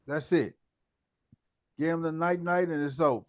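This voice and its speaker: A man's voice: a little high, fairly even intonation, normal speed, dry recording. A man hosting a casual sports talk podcast, easygoing and slangy, laughing often and tagging sentences with "man". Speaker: podcast host. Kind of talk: casual chat.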